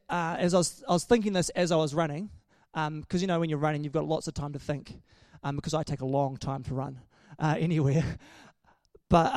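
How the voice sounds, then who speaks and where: A man's voice: a little high, darkish tone, no room sound, clean studio sound. A man preaching a casual sermon in a chatty, joking way, often restarting his sentences.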